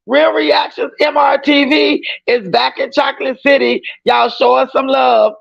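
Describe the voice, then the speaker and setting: A woman's voice: high-pitched, fairly even intonation, measured pace, gravelly, muffled recording. A woman hosting a casual livestream reaction chat, talking in an emphatic, outspoken way and often raising her voice.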